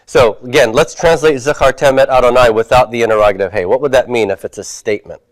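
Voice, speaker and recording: A man's voice: mid-range voice, fast, no room sound. A man teaching a Hebrew class, reviewing homework and patiently asking his students questions before answering them himself.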